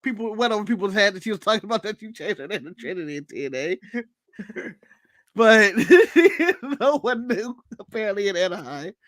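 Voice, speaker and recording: An American man co-hosts a podcast, recapping wrestling in a casual chat. His voice is high-pitched and his pace normal, with no room sound, and he's animated and joking, mimicking people and laughing at his own bits.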